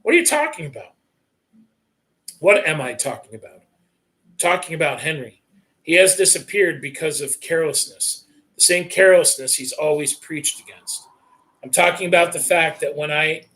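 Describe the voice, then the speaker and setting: A man's voice: on the high side, moderate pace, fairly bright tone. A man reading a first-person novel aloud in an earnest, tense storytelling manner. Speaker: reader.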